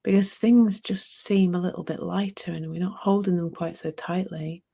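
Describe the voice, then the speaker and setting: A middle-aged woman giving a reflective spiritual talk, musing unhurriedly, laughing at herself and dropping into soft near-whispers. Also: fairly low pitch, fairly even intonation, normal speed, gravelly, breathy edge.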